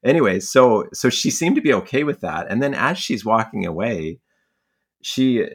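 A man tells a story in a low, gravelly voice, rambling and full of filler words. He sounds like a young adult chatting casually as an interview guest. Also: animated, moderate pace. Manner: rambling, heavy on filler words, laughs often. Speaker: guest, fly angler and magazine writer.

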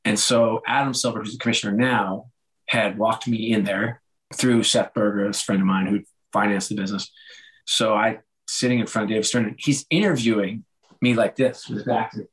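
A man from the New York area telling a story as a guest in an interview, animated and full of filler words. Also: lowish voice, brisk, low-quality recording. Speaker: podcast guest, former executive.

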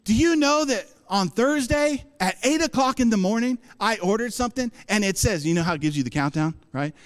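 An impassioned male pastor preaching with a high voice, rising into loud bursts and dropping to low asides. His voice rings with long reverb in a church sanctuary. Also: animated, fairly quick, hardly any pauses. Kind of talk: sermon.

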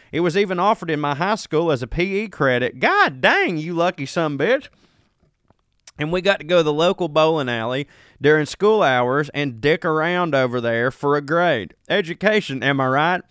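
Folksy Southern man, smooth dry voice. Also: on the high side, no echo. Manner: joking, folksy, self-mocking. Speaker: comedy podcast co-host. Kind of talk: casual chat, reading listener emails.

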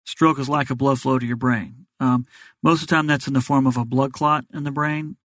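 A man's voice: mid-range voice, fairly even intonation, fairly bright tone, dry recording. A man, a doctor as a guest, explaining health matters in plain, practical terms. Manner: fast, plain-spoken explainer. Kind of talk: explanatory interview answers.

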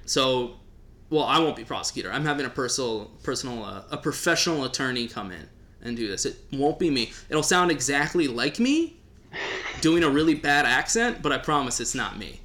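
A man's voice: mid-range voice, animated, fairly quick, pushed and bright, a little hiss or hum. A man hosting a podcast, chatting casually in a joking, rambling way with the odd swear. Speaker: podcast host.

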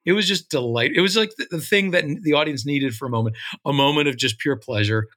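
A man who writes songs for musicals, telling backstage stories with animated delivery and laughing along as he tells them. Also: a little high, fast talker. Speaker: musical songwriter. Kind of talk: casual storytelling interview.

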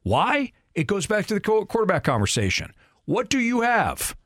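A man's voice: high-pitched, wildly swooping pitch, moderate pace, a bit bright, dry recording, studio quality. A man hosting a sports talk show, arguing his points emphatically and repeating them for stress. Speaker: sports radio host.

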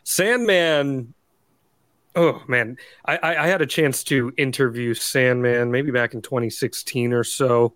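Male interviewer who asks measured questions, recorded dry and close, with mid-range pitch. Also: fairly bright tone, dry recording. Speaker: podcast host. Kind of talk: interviewer, casual.

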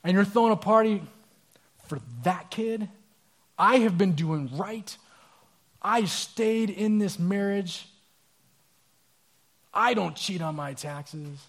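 A man's voice: sits high, slow pace, long pauses, a bit bright, exaggerated voice. A man voicing a resentful dutiful older brother who complains in an indignant, self-righteous way.

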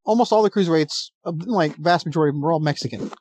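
A man co-hosting a casual podcast, chatting wryly about wrestling with quick asides. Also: a little high, darkish tone, dry recording. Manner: wry, chatty, easily laughing asides. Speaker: podcast co-host. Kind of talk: casual chat.

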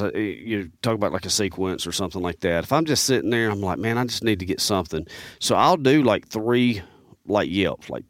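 A man with a deep, low-pitched voice spins a long, meandering yarn as a podcast guest. He keeps circling back with "man" and "you know." The studio sound is dry and close. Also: dry recording. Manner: rambling, animated, peppers speech with "man". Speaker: podcast guest, turkey hunter. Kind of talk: casual storytelling.

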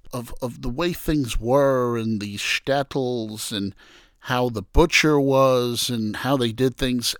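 A man's voice: mid-range voice, dry recording, studio quality. A man from New York telling stories from his childhood in a casual interview, acting out the voices of people he quotes. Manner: animated storyteller who acts out quoted voices.

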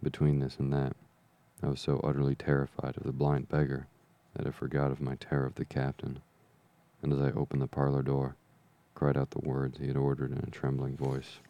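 A man reading an adventure novel aloud as an audiobook narrator, in measured, even storytelling. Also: extremely low pitch, highs cut off. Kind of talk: scripted narration.

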